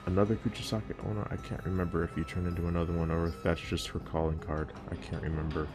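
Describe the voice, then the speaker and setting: Deep-voiced man rambling casually. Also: level tone, quick pace, music in the background. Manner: rambling, casual, profane, self-interrupting. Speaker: youtuber. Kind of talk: casual video commentary.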